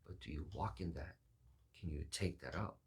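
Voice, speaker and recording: A man's voice: extremely low pitch, normal speed, gravelly. A man giving a reflective, sermon-style talk, musing aloud and acting out quoted voices.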